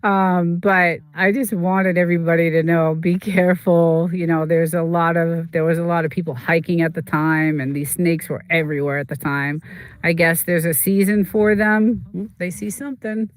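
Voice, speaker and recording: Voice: medium pitch, fairly even intonation, moderate pace, clean tone, no room sound. A streamer talking in a rambling, emotional way, full of fillers and restarts, in casual chat from a desert home.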